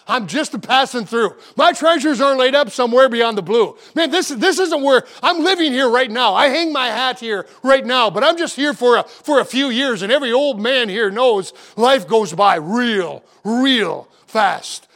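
A middle-aged man preaching a sermon as pastor, fervent and full of repeated words and restarts, slowing to a measured cadence when he reads scripture. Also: very high-pitched, expressive, a bit bright.

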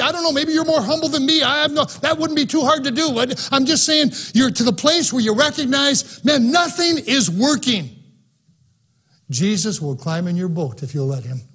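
A man preaching a sermon in an auditorium, fervent and emphatic, swinging between soft and loud passages. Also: extremely high pitch, breathy edge. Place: auditorium, live-streamed.

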